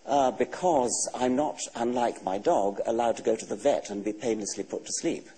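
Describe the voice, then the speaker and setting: A man in his sixties with an English accent, a guest author answering questions in a TV studio interview in a measured, dry, matter-of-fact way. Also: mid-range voice, mellow, slight background noise, rough recording. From England. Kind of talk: TV talk show interview.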